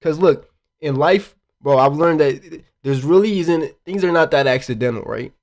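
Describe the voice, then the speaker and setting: A man hosting reaction commentary, animated and slangy, swearing and talking straight to his viewers. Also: a little high, normal speed. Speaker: commentary host.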